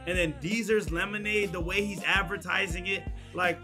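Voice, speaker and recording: A man's voice: sits high, steady tone, unhurried, few pauses, over music. A young man commentating a game playthrough, joking and slangy with lots of reactions. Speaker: gaming channel host. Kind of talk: let's play commentary.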